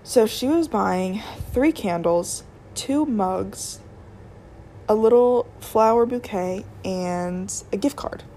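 A woman's voice: medium pitch, slow, dark tone, slight background noise. A young woman chatting casually through a storytime vlog about her retail job, rambling with lots of "like" and restarts. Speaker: retail worker telling work stories.

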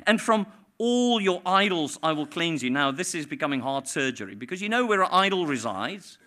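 A pastor preaching a sermon, swinging between hushed, tender passages and loud, impassioned ones. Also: male voice, fairly high pitch, very animated, moderate pace.

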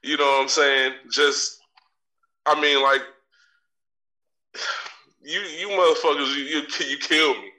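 A man hosting a podcast unloads a brash, swaggering, profane comedy rant, trash-talking as he goes. His voice is fairly high, bright, forceful, and steady, moving slowly with frequent pauses, captured by a distant mic amid faint crowd noise.

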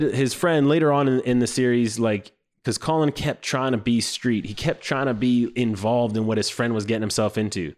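A show reviewer gives casual, comedic commentary on something he watched, animated and profane as he mocks it. When quoting people, he jumps into high, squeaky voices.

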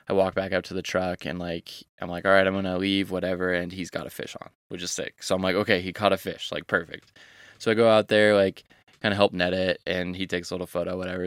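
Laid-back deep-voiced young guide. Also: male voice, smooth, no echo, clean studio sound. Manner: laid-back, rambling with casual slang. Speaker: fishing guide. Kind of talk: casual podcast storytelling.

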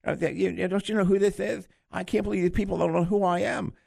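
A male radio host doing an impression of a famous heavyweight boxer, boastful and stammering, with a surprisingly small, high voice. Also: fairly even intonation, fast, creaky, darkish tone, dry recording, studio quality, full character voice.

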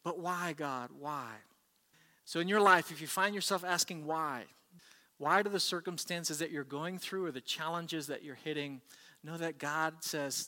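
A man's voice: fairly high pitch, moderate pace, sharp tone. A man preaching a sermon as pastor, earnest and conversational. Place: church service. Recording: long hall reverb.

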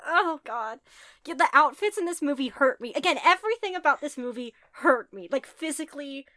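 A woman's voice: high-pitched, animated, brisk, pushed and bright, no room sound, studio quality. A young woman co-hosting a casual podcast chat, with exaggerated reactions. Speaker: podcast co-host.

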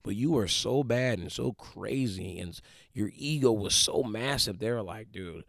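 A man's voice: fairly low pitch, normal speed, creaky, no room sound, clean studio sound. Slangy young man giving a pep talk. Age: 20s. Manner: animated, slangy, acts out quotes. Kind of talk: casual motivational monologue.

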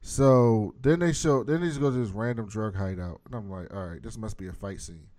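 A man's voice: lowish voice, fairly quick, mellow. A man in casual chat, recapping a TV episode and acting out the characters' lines with energy.

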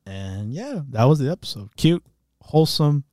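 Lively laughing man recapping anime. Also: a little high, moderate pace, no room sound, clean studio sound. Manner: laughs often, acts out characters' lines. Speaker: podcast co-host. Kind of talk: casual chat recapping anime.

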